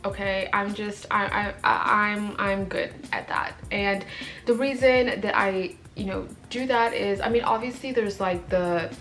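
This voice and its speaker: A woman's voice: mid-range voice, fairly even intonation, measured pace, a bit bright, soft background music. A young woman vlogger giving casual, blunt life advice in an emphatic, sassy way, often ending points with "okay?".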